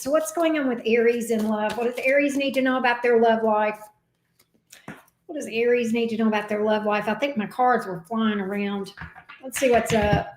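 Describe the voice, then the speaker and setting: A woman's voice: a little high, a little hiss or hum. A woman with a Southern accent hosting a live tarot reading, chatting and greeting viewers by name. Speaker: tarot reader host. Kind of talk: livestream chat. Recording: echoey room.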